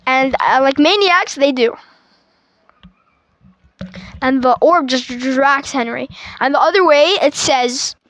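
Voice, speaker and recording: Woman reviewer, unhurried casual plot recap, trips over words often. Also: sits high, a bit bright, poor audio. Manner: stuttering, restarts, filler-heavy. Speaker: movie reviewer.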